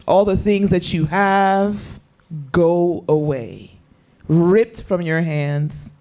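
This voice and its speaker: A man with a high voice leads a youth Bible lesson in a meeting room. He keeps questioning his listeners and puts drama into every scripture line he quotes. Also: extremely slow, darkish tone. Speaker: youth Bible study leader.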